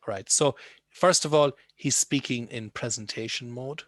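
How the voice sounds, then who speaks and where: A man's voice: medium pitch, a little slow, a bit bright. A male English teacher leads a lesson over a video call, asking his students questions in a conversational way. The sound is dry and close, with no room echo. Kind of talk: online lesson.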